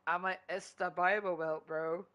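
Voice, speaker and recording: A man talks to his stream while he plays, rambling from one gripe to the next and swearing in nearly every sentence. His voice is bright and forward. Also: sits high, little pitch movement, measured pace. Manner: profane, loose and rambling. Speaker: gaming streamer. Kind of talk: casual chat while gaming.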